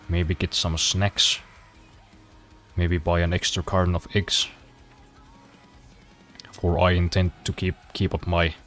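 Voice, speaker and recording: A man streaming a racing game, chatting casually with dry, self-deprecating humor and casual swearing. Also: sits low. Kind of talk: casual gameplay commentary.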